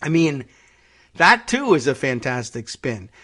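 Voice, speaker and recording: A man's voice: medium pitch, big pitch swings, a little slow, bright, forceful tone. A man hosting a talk show, reading news stories aloud and breaking off for wry, sarcastic asides. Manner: wry, sarcastic asides between read passages. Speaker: podcast host.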